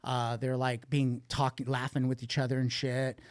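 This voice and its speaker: A man's voice: medium pitch, flat delivery, normal speed, dry recording. A man guest on a podcast, candidly telling a rambling, profanity-laced story about addiction and recovery. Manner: profane, blunt, rambling with restarts.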